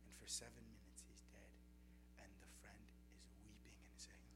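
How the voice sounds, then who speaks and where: This young adult preacher's voice sits on the low side, moving at a moderate pace as he earnestly recounts testimonies in his sermon. Steady background noise runs through the noisy recording.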